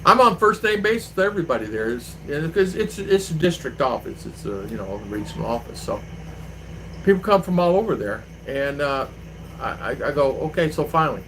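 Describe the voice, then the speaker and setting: Guy vlogging outside, kinda high voice, rambling story, does little voices for people, faint traffic noise. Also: a little fast, rough recording. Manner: animated, mimics voices when retelling exchanges. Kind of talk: casual storytelling to viewers. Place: outdoors, riding an e-bike.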